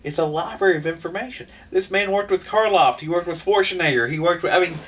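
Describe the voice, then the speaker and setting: A man's voice: high voice, fast, a bit bright, distant mic. A man co-hosting a podcast in casual chat, rambling with frequent restarts. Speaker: podcast co-host.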